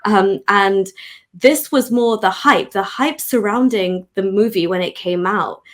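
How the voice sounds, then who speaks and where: British woman co-host, casual chat, mid pitch, firm and emphatic. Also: a little slow. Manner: emphatic and indignant.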